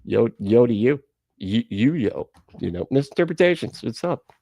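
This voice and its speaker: Gravelly man chatting on a stream. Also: medium pitch, big pitch swings, moderate pace, warm tone, no echo. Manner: rambling, self-mocking, laughs often. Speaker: reaction channel host. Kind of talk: casual live-stream chat.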